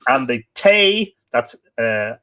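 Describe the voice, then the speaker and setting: Irish male stream host, casual and teasing, reads chat comments aloud, mid-pitched. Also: very animated, slow, pushed and bright. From Ireland. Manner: chatty, teasing, frequent uh fillers. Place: home library room.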